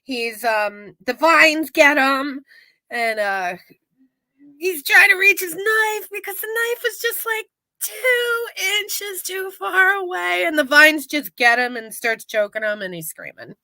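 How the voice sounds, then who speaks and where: A woman's voice: high-pitched, lively intonation, slow, pushed and bright, dry recording. A woman co-hosting a podcast, retelling a show's episode in casual, profane chat and laughing often. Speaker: podcast co-host recapping a show.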